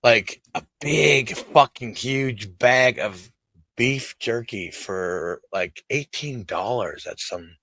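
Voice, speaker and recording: Slow, bright-voiced crude guest man. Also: mid-range voice, no echo. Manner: crude, laid-back and swearing. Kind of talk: casual chat.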